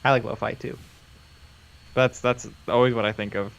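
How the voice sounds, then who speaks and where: Chill guy cohosting a hobby stream, cracks jokes and laughs a lot, mid-pitched voice. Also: fairly even intonation, normal speed, vocal fry, a bit bright, highs cut off. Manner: laid-back, jokey, laughs a lot. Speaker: livestream co-host. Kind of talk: casual hobby stream chat.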